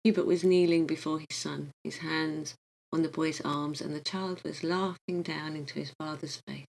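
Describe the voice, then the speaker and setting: A woman reading a visionary book aloud in a calm, gentle storytelling way. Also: deep voice, moderate pace, creaky, rough recording. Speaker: audiobook reader.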